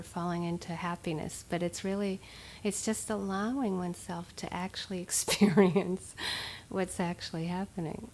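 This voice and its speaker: A woman giving a dharma talk as a meditation teacher, speaking conversationally with frequent fillers and soft laughs. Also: on the low side, slight background noise.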